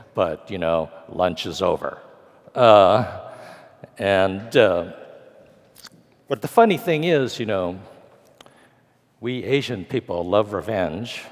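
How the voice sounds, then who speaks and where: A man's voice: fairly low pitch, lively intonation, slow, long pauses. A man in his sixties from California, telling a story in a lecture with wry, dry humor and acting out the dialogue. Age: 60s. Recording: long reverb of a large hall.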